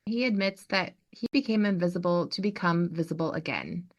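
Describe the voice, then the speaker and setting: A woman hosting a podcast, recapping a TV episode as an animated storyteller. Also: on the low side, brisk. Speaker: podcast host.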